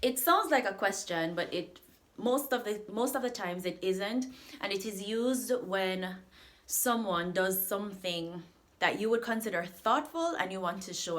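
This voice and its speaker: A woman from Jamaica with a Jamaican accent, teaching a beginner language lesson to camera. She speaks clearly and deliberately and repeats each phrase slowly. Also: medium pitch, a bit bright. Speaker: patois teacher.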